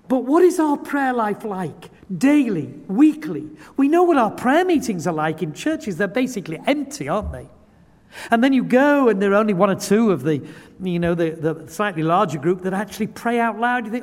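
A man's voice: high voice, very animated, normal speed. A man preaching a sermon, earnest and building to impassioned pleading. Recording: long hall reverb.

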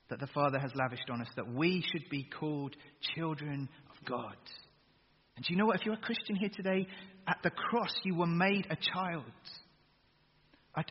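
A man's voice: on the high side, husky. A man preaching an earnest sermon to a congregation, full of emphatic rhetorical questions. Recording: dull sound with long hall reverb.

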